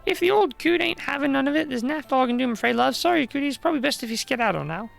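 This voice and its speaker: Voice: lively intonation, very fast, creaky, faint music behind, exaggerated voice. A streamer voicing a cheeky little fairy who chatters in heavy slang. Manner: chirpy, slang-heavy, high and bright.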